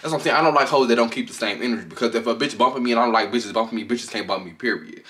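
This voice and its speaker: A man giving casual reaction commentary as a vlogger, gossiping in an animated, profane way, recorded on a camera on a tripod. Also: mid-range voice, very fast.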